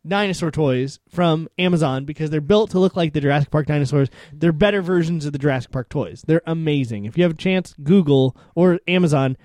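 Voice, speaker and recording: A man's voice: fairly high pitch, a little fast, few pauses, darkish tone, dry recording. A young man co-hosting a casual chat, rambling through a story and laughing often. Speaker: podcast co-host.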